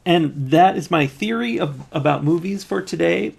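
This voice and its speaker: Man, podcast co-host, casual movie chat, very gravelly, wry, joking. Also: fairly high pitch, lively intonation, normal speed.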